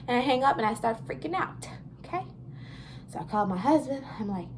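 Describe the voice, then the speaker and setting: Animated chatty woman. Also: high-pitched, a little fast, a little hiss or hum. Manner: animated, chatty, laughs often, addresses viewers as y'all. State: pregnant, briefly out of breath. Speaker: vlogger. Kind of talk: casual storytelling vlog.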